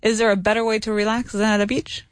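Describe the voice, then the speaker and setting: Encouraging English teacher, dry close sound. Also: female voice, medium pitch, flat delivery, quick pace, dry recording. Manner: patient, encouraging, repeats answers and praises. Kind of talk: private English lesson. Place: Madrid.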